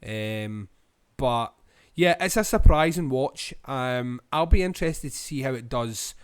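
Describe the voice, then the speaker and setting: A Scottish man co-hosting a podcast, giving a rambling film review full of ums and pauses. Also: mid-range voice, expressive, clean tone, no room sound, clean studio sound. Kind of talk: casual film review chat.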